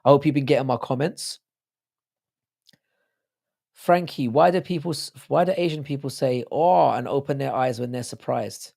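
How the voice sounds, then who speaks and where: A man's voice: mid-range voice, moderate pace, gravelly, pauses often, a little mellow. A man hosting a livestream, rambling profanely in casual chat and reading out viewer comments. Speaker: livestream host.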